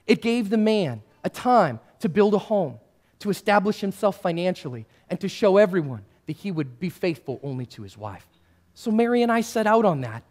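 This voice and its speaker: A male pastor giving a first-person character sermon, addressing listeners directly and swinging between hushed and raised passages. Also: high-pitched, very animated, moderate pace. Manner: speaks to listeners directly as "you" and "guys".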